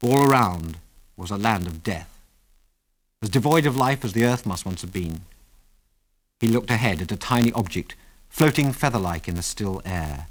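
A man narrating an adventure story in a measured, dramatic reading. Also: fairly low pitch, lively intonation.

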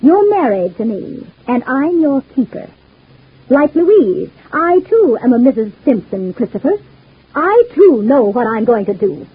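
An actress playing a scheming, cruel wife in an old-time radio soap, talking with cold, scornful menace. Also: female voice, on the high side, sing-song, a little slow, full character voice. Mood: gloating. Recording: husky lo-fi old radio broadcast.

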